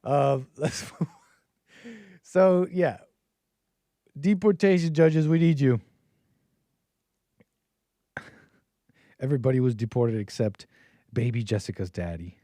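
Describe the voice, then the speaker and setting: A man hosting a call-in livestream, chatting loosely and chuckling through his own jokes. His voice sits at an ordinary male pitch and sounds close and dry, with no room around it. He rambles from point to point in a casual way. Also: takes it slowly, pauses often, dark tone, no room sound. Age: adult with a child. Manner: rambling, joking, laughs often mid-sentence. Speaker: call-in show host.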